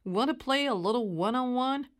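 A woman's voice: fairly high pitch, expressive, moderate pace, lightly acted. A woman doing a cocky, taunting schoolboy. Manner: taunting, loud. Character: cocky schoolboy, playful bully.

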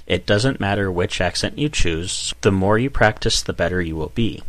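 A man, an exam examiner, explaining test matters in a measured, scripted way. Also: deep voice, lively intonation, fairly bright tone, no echo. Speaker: IELTS examiner.

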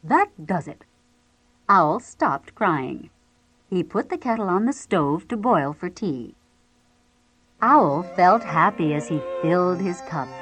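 Slow, animated woman reading a children's story. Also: lowish voice, slightly rough. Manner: slow, expressive read-aloud storytelling. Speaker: storybook reader. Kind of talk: reading a children's picture book aloud. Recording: violin music playing underneath.

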